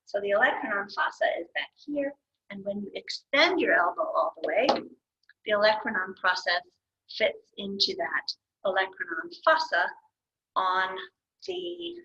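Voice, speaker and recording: A woman's voice: medium pitch, sharp tone. A woman teaching anatomy as she draws, patient and thinking aloud, correcting herself now and then. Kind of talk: explaining anatomy while drawing. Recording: dull lo-fi recording.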